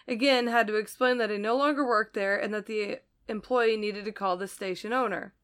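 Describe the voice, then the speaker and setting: A woman's voice: on the high side, a bit bright, clean tone. A woman co-hosting a casual chat show, reading a listener's story aloud and laughing often. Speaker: podcast co-host reading listener stories.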